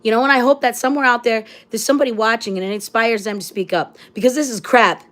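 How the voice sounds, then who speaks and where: Hosting her own livestream, a woman launches into an angry, blunt, profane rant packed with repeated rhetorical phrases. Her voice sits a little high, moves fast, and has a fairly bright tone.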